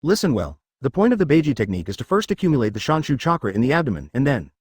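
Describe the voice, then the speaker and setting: A man voicing a cold, aloof female snake spirit teacher in a machine-read web novel audiobook, with a flat delivery. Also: medium pitch, racing, slightly rough, no echo, studio quality.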